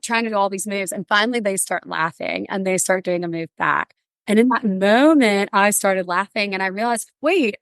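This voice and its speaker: A woman guest on a podcast, animated and chatty, slipping into playful voices as she retells moments from her life. Her voice sits at an ordinary middle pitch and is recorded close and dry, with no room around it. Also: dry recording. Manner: animated storyteller, acts out quotes. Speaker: guest, counselor. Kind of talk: casual conversational interview.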